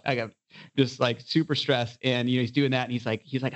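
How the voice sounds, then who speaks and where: Animated male entrepreneur telling a story. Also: medium pitch, brisk. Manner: animated storyteller, many "you know" fillers. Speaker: entrepreneur guest. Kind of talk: casual storytelling interview.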